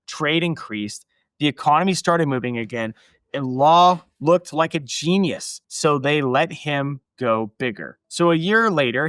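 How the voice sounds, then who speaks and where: A man's voice: mid-range voice, a bit bright, no echo. A man hosting a podcast, narrating history in a casual, emphatic way with asides to his listeners. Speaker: podcast host.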